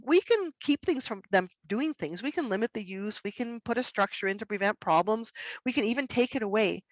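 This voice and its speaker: A middle-aged woman presenting a workshop for educators in an expressive way, acting out examples in her voice. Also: mid-range voice, no room sound, low-quality recording. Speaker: workshop presenter on student behaviour. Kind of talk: educational webinar talk.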